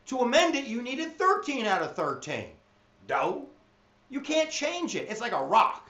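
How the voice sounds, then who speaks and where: A man teaching history in an energetic, jokey exam review lecture, slipping into silly voices. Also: extremely high pitch, a little slow. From United States. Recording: echoey room, dull lo-fi sound.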